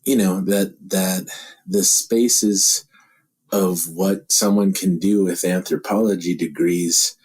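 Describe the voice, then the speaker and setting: A low-voiced man with a husky edge, talking as a podcast guest. He thinks aloud in halting, broken phrases and laughs often as he goes. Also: fairly even intonation, a little mellow. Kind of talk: casual interview talk.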